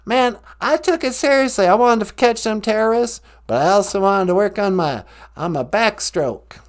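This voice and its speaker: A man's voice: high-pitched, animated, moderate pace. A man voicing a laid-back, folksy Texan former president with a put-on drawl and slangy talk. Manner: drawling, slangy, calls people man and boy.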